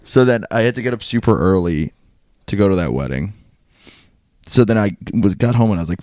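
A man's voice: sits low, a little fast, darkish tone, dry recording, clean studio sound. A young man co-hosting a podcast in casual, crude, joking chat. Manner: crude, joking, swears a lot. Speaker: podcast co-host.

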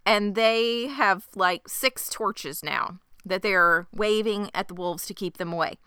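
A woman co-hosting a podcast, narrating a TV episode casually with lively, profane asides. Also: mid-range voice, slow, clear, resonant tone, no echo, studio quality. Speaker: podcast co-host. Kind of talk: casual chat.

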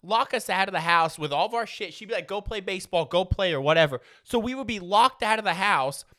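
Man, forties, casual profane storyteller, animated pitch, bright tone, laughs a lot. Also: brisk. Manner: profane, rambling, laughs often.

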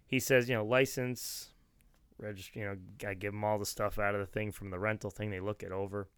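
A man's voice: on the low side, fairly even intonation, quick pace, fairly bright tone, clean tone, no room sound. A middle-aged man telling a long rambling anecdote in casual chat, often restarting and laughing.

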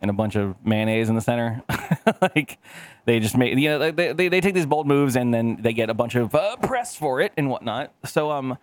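A man's voice: medium pitch, expressive, normal speed, dry recording. A man in his thirties hosting a podcast, rambling in casual chat with a lot of swearing and acted-out voices. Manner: rambling, profane, acts out quoted voices. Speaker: podcast host.

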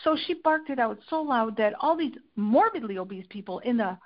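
Give me a woman guest telling a personal story in an animated way, with slightly dull sound. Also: fairly high pitch, a little fast. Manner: animated, tells anecdotes with acted-out quotes. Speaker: interview guest, lifestyle and food editor. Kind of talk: candid conversational storytelling.

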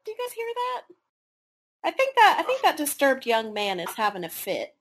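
A man voicing a worried young woman in a tabletop game, in a high, soft voice. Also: huge pitch swings, normal speed, slight background noise, exaggerated voice.

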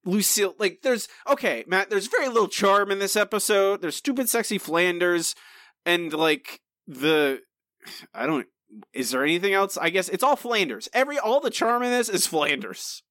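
A man co-hosting a podcast in casual chat, animated and teasing with mock indignation. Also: high-pitched, normal speed, no echo, clean studio sound. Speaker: podcast co-host.

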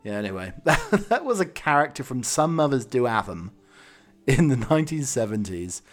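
A man's voice: medium pitch, sing-song, normal speed. A British man hosting a solo podcast, rambling cheekily and mocking himself. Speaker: podcast host.

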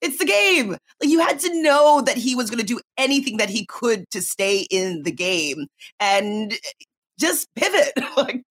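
Husky-voiced woman giving chatty opinions. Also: a little high, big pitch swings, measured pace. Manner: chatty, many likes, laughs between points. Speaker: co-host giving opinions on a reality show. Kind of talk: casual podcast commentary.

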